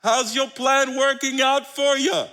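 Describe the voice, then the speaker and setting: A pastor putting on a playful, coaxing Jesus. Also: male voice, very high-pitched, steady tone, a little slow, bright, forceful tone, voice pushed up, heavily acted. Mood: teasing. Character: Jesus, gentle teasing man calling to friends.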